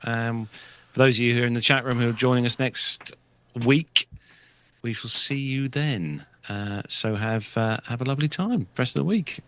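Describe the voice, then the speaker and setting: A man's voice: medium pitch, normal speed, fairly bright tone, no room sound. A man hosting a podcast, closing the show in a hesitant, filler-heavy way. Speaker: podcast host. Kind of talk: casual chat and show closing.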